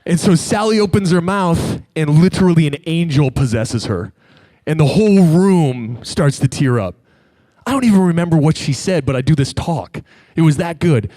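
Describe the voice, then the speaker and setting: A man stands on a stage and tells a personal story to a live audience, acting out the voices of the people in it. His voice is mellow and warm, and the sound is dry and close to the mic. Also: a little high, normal speed, dry recording. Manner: animated, acts out quoted voices. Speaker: speaker.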